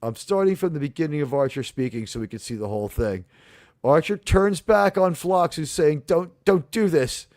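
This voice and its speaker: A man hosting a casual livestream review chat, animated and profane, acting out the lines he quotes. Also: a little high, moderate pace, dry recording, studio quality. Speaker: host.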